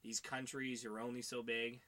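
A man's voice: mid-range voice, flat delivery, normal speed, pushed and bright. A man co-hosting a podcast, rambling in casual chat with lots of fillers and swearing. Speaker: podcast co-host.

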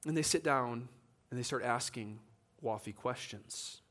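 In an unhurried, medium-pitched voice, a preacher gives a church sermon, bringing a story to life by acting out the voices of the people in it.

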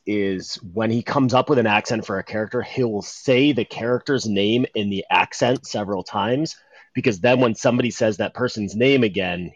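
A man's voice: lowish voice, husky, no room sound. A man in casual chat, sharing game master tips in an easygoing, conversational way. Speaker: tabletop game master, podcast panelist. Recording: dull, dry lo-fi mic.

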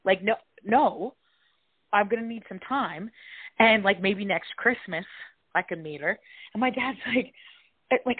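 Animated woman psychologist, tinny dry audio. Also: mid-range voice, moderate pace, husky, dry recording. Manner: animated storyteller acting out quoted voices. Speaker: psychologist and author, interview guest. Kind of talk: storytelling in casual interview.

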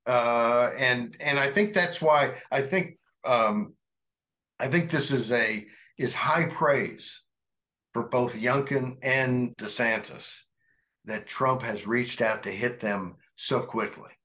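A man chatting about politics on a talk show, his voice bright and forward. He talks conversationally, circling back with plenty of "uh" and restarts. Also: medium pitch, slow. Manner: conversational, meandering with frequent fillers. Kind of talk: casual political discussion.

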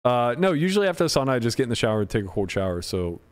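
Young man, casual profane banter, animated delivery. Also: medium pitch, rapid-fire. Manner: swearing, teasing banter. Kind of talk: casual chat.

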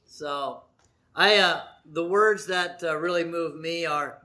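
A man's voice: fairly high pitch, slow, bright, forceful tone. A middle-aged man, a pastor, giving church announcements and a sermon in a chatty, jokey way, laughing often. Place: church sanctuary.

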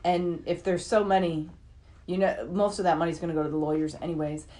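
A woman's voice: lowish voice, steady tone, fairly quick, dark tone. A woman in her forties co-hosting a casual podcast, opinionated and swearing freely. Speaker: podcast co-host. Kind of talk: casual chat.

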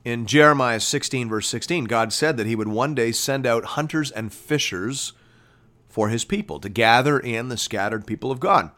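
A pastor teaching the Bible on the radio at a mid-range pitch. He talks through scripture in an easy, conversational way and keeps asking "right?" as he goes. When he drives a point home, his voice climbs high and gets louder. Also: normal speed. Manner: conversational, often asks "right?" and restarts mid-phrase; rises sharply in pitch and volume when pressing a point.

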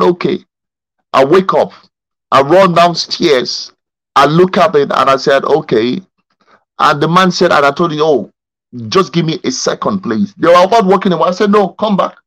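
A male pastor leading a Bible study over a video call, telling a story in an animated way and often stumbling over and repeating his words. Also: a little high, normal speed, no room sound, low-quality recording.

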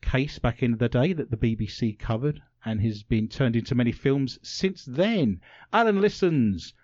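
A man's voice: mid-range voice, animated, normal speed, darkish tone, dry recording. A man hosting a radio talk show, joking and punning with theatrical flair. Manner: playful, punning, theatrical delivery. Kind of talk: jokey quiz show banter. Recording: dry, slightly dull lo-fi sound.

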